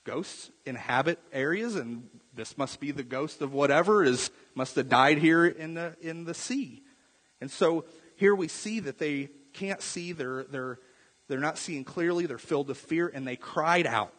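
A man preaching a sermon, animated and conversational, asking his congregation questions and dropping to quiet intensity on key points. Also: fairly high pitch, a little slow, husky. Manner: asks the congregation direct questions. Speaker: pastor. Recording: long hall reverb.

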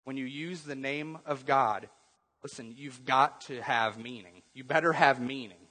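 A man's voice: medium pitch, unhurried, pushed and bright, breathy edge. A man preaching a sermon as pastor, earnest and conversational, with bursts of humor. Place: church sanctuary. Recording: long hall reverb.

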